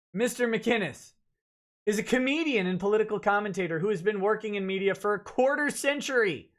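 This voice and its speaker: A man's voice: high voice, fairly bright tone. A man hosting a live stream, reading a lawsuit complaint aloud and breaking off for blunt, jokey, sarcastic asides. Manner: reads dense legal text aloud, breaking off for sarcastic asides. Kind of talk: live-stream legal commentary.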